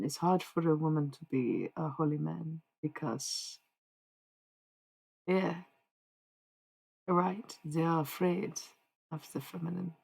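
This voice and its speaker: A woman's voice: sits low, vocal fry, a little mellow, slightly rough, rough recording. A woman livestreamer in rambling casual chat, meandering and answering her chat as she goes. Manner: meandering, talks to chat, trails off.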